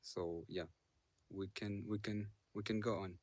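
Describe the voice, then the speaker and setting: A man's voice: lowish voice, steady tone, a little slow, a little mellow, no echo. A Kenyan man hosting a live audio room, giving notice and calling speakers in order, mixing Swahili and English. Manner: directive, calls speakers in turn. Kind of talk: moderating a discussion.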